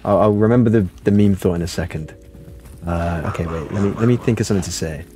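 A man's voice: deep voice, fast. Rambling young man streaming a game. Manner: rambling, self-interrupting, chatty. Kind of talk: casual livestream chat.

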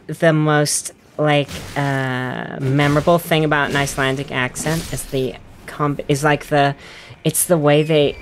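A woman with a low voice ambles through casual gameplay commentary, slow and unhurried. She rambles, laughs at herself and downplays her own attempts. Faint game music plays underneath. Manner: rambling, self-deprecating, giggly. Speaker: gaming video host.

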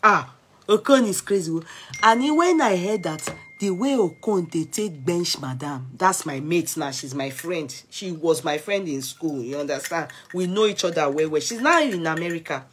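A young Nigerian woman with an accent, excitedly recounting gossip on her vlog and switching between Pidgin and Yoruba. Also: on the low side, moderate pace, a little hiss or hum. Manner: excitable, mixing Pidgin and Yoruba, laughing asides. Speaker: gossip vlogger. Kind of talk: animated gossip commentary.

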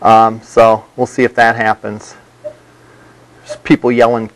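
A man's voice: lowish voice, moderate pace, creaky, low-quality recording. A male college instructor giving a classroom lecture, rambling with many restarts and repeated words.

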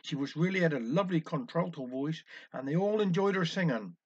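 A man's voice: on the high side, lively intonation, fairly quick, a little mellow. A man with a Cornish accent telling a wry village dialect story. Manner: wry, anecdotal. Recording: dull lo-fi recording.

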